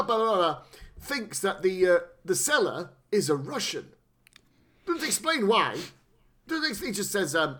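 A man co-hosting a casual, sweary chat, animated and fond of putting on mock voices. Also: high-pitched. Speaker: podcast co-host.

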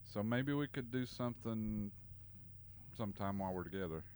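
An easygoing man co-hosting a casual podcast, with a lowish voice. Faint background noise sits under the conversation. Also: normal speed, a little mellow. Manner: self-deprecating, easygoing. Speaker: podcast co-host and interviewer. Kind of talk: casual chat.

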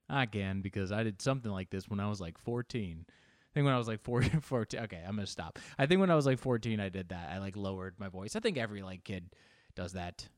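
A man's voice: fairly quick, no room sound, studio quality. A man hosting his own podcast, riffing in a rambling, self-mocking comedic monologue. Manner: self-mocking, digressive, jumpy in pitch. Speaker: podcast host.

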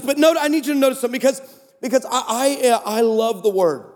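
A man preaching a sermon in an animated storytelling style, with comic asides that build to shouted calls. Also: very high voice, fairly quick. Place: large conference hall stage. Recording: echoey conference hall.

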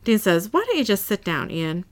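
A woman at home, chatting casually on a podcast. She retells scenes from a show, reads the characters' lines in her own plain voice, and giggles now and then. Her pitch sits in the middle. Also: sing-song, normal speed. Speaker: podcast co-host recapping an episode. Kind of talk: casual chat and episode recap. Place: home room.

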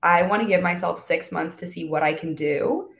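A woman's voice: on the low side, normal speed, vocal fry. Chatty young woman in an echoey room. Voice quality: valley-girl filler talk, animated quoting. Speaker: guest influencer. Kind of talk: casual chat.

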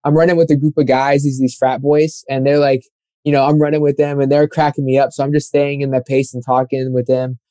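A man's voice: mid-range voice, flat delivery, brisk, dark tone, dry recording. A young man telling a running story in a casual, rambling chat, full of fillers and acted-out quotes. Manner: rambling, filler-heavy, acts out quoted voices.

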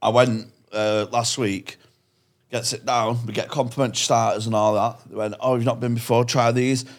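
A young man trades loose, crude podcast banter. His pitch sits in an ordinary middle range. He rambles, restarts often and laughs easily. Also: level tone, normal speed. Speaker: podcast co-host. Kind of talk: casual banter.

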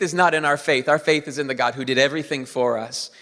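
A man preaching a sermon to his congregation, emphatic, moving between loud declarations and soft, quiet passages. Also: medium pitch, fairly even intonation, fast, hardly any pauses. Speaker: pastor. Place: church hall. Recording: long reverb of a church hall.

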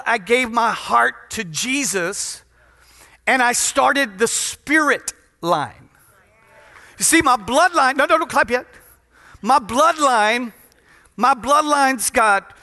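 High, bright-voiced preaching man. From Louisiana, USA. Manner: joking, emphatic preaching that teases the congregation. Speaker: pastor. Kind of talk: sermon. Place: large church in front of a congregation. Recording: reverberant church hall.

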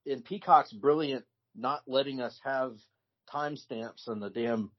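A man talks casually as a podcast co-host in a husky voice, in relaxed storytelling with frequent restarts. The sound is dull and lo-fi. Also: medium pitch, unhurried. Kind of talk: casual chat. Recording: dull lo-fi recording.

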